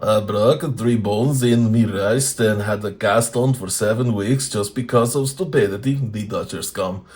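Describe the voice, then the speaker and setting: A man putting on a gruff Russian-accented death-clock voice. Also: lowish voice, a little slow, few pauses, a little mellow, lightly acted. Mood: mock-menacing. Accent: put-on Russian.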